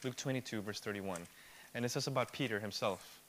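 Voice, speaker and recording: This male pastor preaches earnestly in a lowish voice that carries a slight hiss or hum. His delivery dips to a slow, soft near-whisper before rising again for emphasis.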